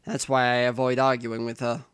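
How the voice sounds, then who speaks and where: A man's voice: mid-range voice, level tone, a little fast, fairly bright tone, clean tone, dry recording, studio quality. A man playing through a visual novel, reading the narration aloud in first person with asides to the viewer. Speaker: let's player.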